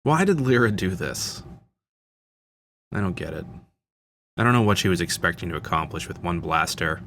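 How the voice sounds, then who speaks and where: A man's voice: sits low, expressive, moderate pace, fairly bright tone, slight background noise. A man hosting a casual film commentary, talking like an enthusiastic fan with frequent fillers and restarts. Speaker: channel host.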